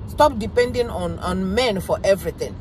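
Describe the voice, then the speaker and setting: A woman's voice: mid-range voice, expressive, normal speed, noisy background. A woman giving an impassioned reaction commentary, emphatic and repeating her points. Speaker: vlogger.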